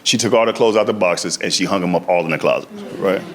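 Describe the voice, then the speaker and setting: A man's voice: deep voice, fast. A male stand-up comedian telling stories on stage in a conversational way, often tagging lines with "right?". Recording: echoey room, noisy background.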